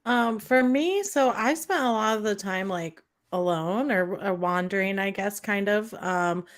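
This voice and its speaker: A woman co-hosting a live podcast, telling a personal story in casual chat with many fillers and pauses. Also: mid-range voice. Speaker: podcast co-host.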